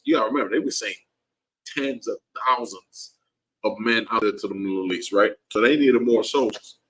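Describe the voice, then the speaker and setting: A man's voice: a bit bright, rough recording. Fiery man preaching to a class. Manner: heated, repetitive, pitch leaps up when worked up. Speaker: class teacher.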